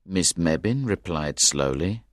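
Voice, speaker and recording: A man narrating a simplified story in a measured, expressive way. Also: low voice, dry recording, clean studio sound.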